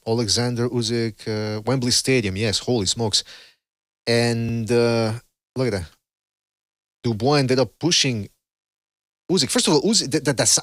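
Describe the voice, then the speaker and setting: A man's voice: mid-range voice, fairly bright tone, no echo. Rambling, blunt male boxing host. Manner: rambling, blunt and profane, with many fillers. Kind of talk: casual call-in show commentary.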